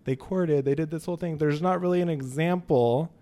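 A man's voice: fairly high pitch, fairly quick. A man with a Texan accent, a salon owner co-hosting a casual podcast chat, telling playful stories with lots of laughter. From Texas. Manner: animated, playful storytelling with laughs.

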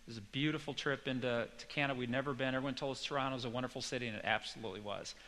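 A man preaching in a church hall, telling personal stories and turning to the audience with questions. His voice is bright and forceful at an ordinary middle pitch. A long hall reverb trails behind his words. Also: steady tone, rapid-fire. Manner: chatty storytelling with personal anecdotes and asides to the audience. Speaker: pastor teaching a Bible study. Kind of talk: conversational sermon.

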